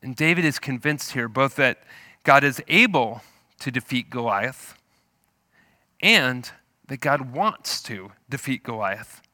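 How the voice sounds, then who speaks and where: A man preaching a sermon, retelling a scripture story in an animated, storytelling way. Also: medium pitch, takes it slowly, no echo, studio quality. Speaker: pastor.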